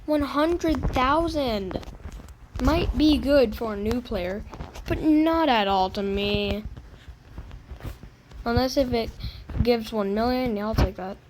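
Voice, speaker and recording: A woman's voice: on the high side, takes it slowly, long pauses, darkish tone, slight background noise, poor audio. A woman giving casual gameplay commentary, playfully whiny and fake crying over bad loot. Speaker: gaming video creator.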